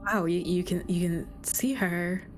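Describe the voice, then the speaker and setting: A woman's voice: fairly low pitch, fairly even intonation, unhurried, music in the background. A woman player speaking in character in a tabletop game, hesitant and questioning. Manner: hesitant, with restarts and confused questions.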